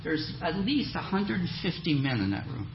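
A man preaching a sermon as a guest speaker, telling a lively story and acting out the voices of the people in it. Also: on the high side, normal speed, lo-fi sound, background noise. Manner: animated storyteller, acts out quoted voices. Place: church hall.

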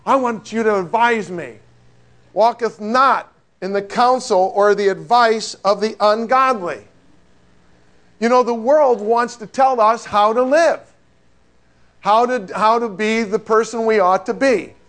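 A man's voice: high voice, a little slow, a bit bright. A man preaching a sermon in a conversational, joking way, asking his listeners rhetorical questions.

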